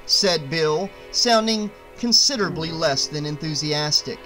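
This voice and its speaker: A man narrating an audiobook with a steady, expressive reading. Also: fairly high pitch, a little slow, faint music behind.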